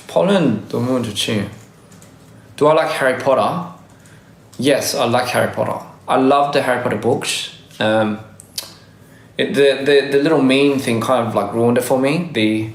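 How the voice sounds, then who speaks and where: A man's voice: medium pitch, brisk, echoey room. A man with a faded Australian accent mixed with American, chatting casually on a live stream, rambling and correcting himself with frequent laughs. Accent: Australian, blended with American.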